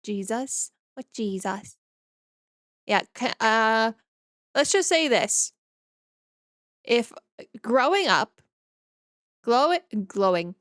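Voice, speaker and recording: A woman's voice: on the high side, lively intonation, very slow, pauses often, fairly bright tone, dry recording, clean studio sound. A woman from northern Canada, a streamer chatting casually with her viewers in a rambling, easygoing way as she reads and answers chat.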